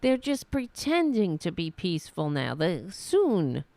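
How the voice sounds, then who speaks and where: A sarcastic woman hosts a political podcast, mocking and swearing freely. Her gravelly voice swings widely in pitch at an unhurried pace, and the sound is dry and close. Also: huge pitch swings, warm tone, no echo. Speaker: podcast host. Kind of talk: political commentary.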